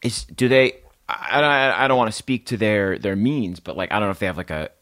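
A man's voice: lowish voice, fairly quick, fairly bright tone. A man who is a guest on a comedy podcast, rambling with lots of fillers and hesitations. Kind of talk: casual comedic chat.

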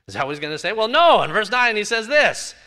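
A male preacher delivering a sermon in a bright, forceful voice that swings widely in pitch. He builds emphatically through repeated rhetorical phrases, rising and falling as he drives each point home. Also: big pitch swings, fast. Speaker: pastor.

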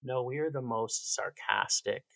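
A chatty Canadian man with a gravelly, fry-edged voice, joking and sarcastic as a podcast guest. He sounds close and dry, with no room around him. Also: medium pitch, measured pace, a bit bright, dry recording. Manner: chatty, sarcastic, laughs often. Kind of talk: casual chat.

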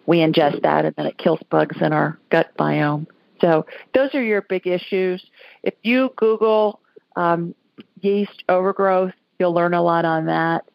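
A chatty woman hosts a call-in show, talking to callers in a folksy, easygoing way. Her voice has some gravel in it. The sound is dry and a little dull, like lo-fi radio audio. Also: on the low side, fairly even intonation, unhurried, no echo. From Alabama. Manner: chatty, folksy, laughs often. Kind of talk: casual call-in radio chat.

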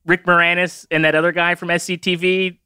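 A man's voice: sits high, little pitch movement, brisk, pushed and bright, smooth, no room sound, studio quality. A man chatting on a podcast as guest co-host, joking and laughing often over a remote call. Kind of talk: casual podcast chat.

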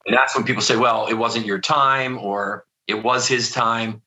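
A man's voice: mid-range voice, fairly even intonation, moderate pace, sharp tone, rough recording. A middle-aged man from near Philadelphia telling a personal story in an interview, earnest and vivid, with frequent restarts. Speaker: guest telling his near-death story.

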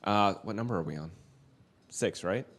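A man with a fairly low voice co-hosts a celebrity news podcast. He talks in a loose, chatty way and drops the odd swear word. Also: moderate pace, a bit bright. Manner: chatty, swears casually, reads statements aloud. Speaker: podcast co-host. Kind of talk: casual celebrity news chat.

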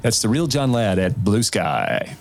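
Low-voiced jokey man on a podcast. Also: big pitch swings. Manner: jokey, laughs often, does quick impressions. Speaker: podcast co-host. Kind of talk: casual chat.

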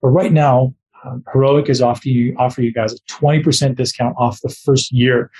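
A man's voice: medium pitch, a little mellow, slightly rough, rough recording. A podcast host, a man, reading a sponsor message in an enthusiastic, informal way. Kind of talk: sponsor read.

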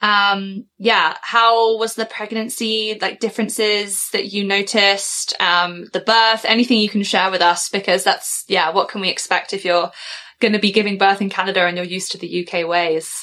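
A woman's voice: mid-range voice, little pitch movement, normal speed, pushed and bright. A woman hosting a podcast interview, reacting eagerly and laughing often. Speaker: podcast host. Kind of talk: casual interview chat.

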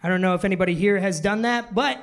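A man's voice: sits high, fast. A man in his twenties doing a self-deprecating stand-up routine on a club stage, telling awkward stories to a laughing audience. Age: 20s. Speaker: stand-up comedian.

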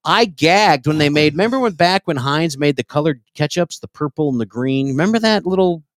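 A man's voice: fairly high pitch, expressive, a little fast, no room sound, studio quality. A man from Oklahoma hosting a casual comedy talk show, joking crudely and swearing freely. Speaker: podcast host.

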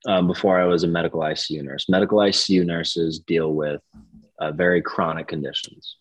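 A man in his twenties, a nurse and podcast guest, talking in a relaxed, chatty way with lots of "like" fillers. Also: low-pitched, brisk, dry recording, rough recording. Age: 20s. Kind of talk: casual conversation.

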